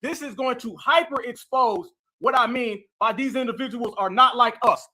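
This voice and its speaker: A high-pitched man with an African American Vernacular English accent holds forth in a fiery, preachy stream. His voice rings bright and sharp, and he keeps turning to his viewers with emphatic calls to the family. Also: normal speed. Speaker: commentary streamer. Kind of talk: impassioned streaming commentary.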